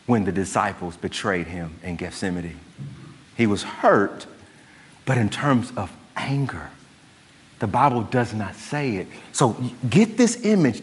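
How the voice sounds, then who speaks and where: A male pastor preaching a sermon in an animated way, often asking his listeners rhetorical questions. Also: mid-range voice. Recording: long hall reverb.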